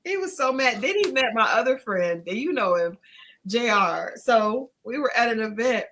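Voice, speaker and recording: A woman with a bright, forceful voice co-hosts a relaxed podcast chat. She tells her stories with lots of energy, laughs often and acts out other people's lines. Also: on the high side, moderate pace. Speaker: podcast co-host. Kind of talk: casual storytelling chat.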